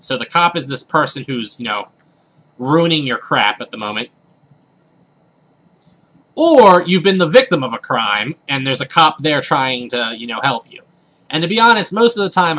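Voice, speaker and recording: A man's voice: mid-range voice, pushed and bright. A young man casually rambling through a story while commenting on a video game, full of fillers and asides. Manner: rambling, filler-heavy, chatty. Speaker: let's play host.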